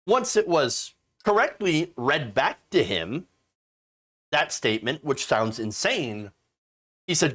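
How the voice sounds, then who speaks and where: A man delivers casual political commentary with a sarcastic bite. His pitch swings widely as he talks, rising sharply for emphasis. He fills gaps with frequent "uh"s and quick restarts. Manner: sarcastic, animated, many fillers.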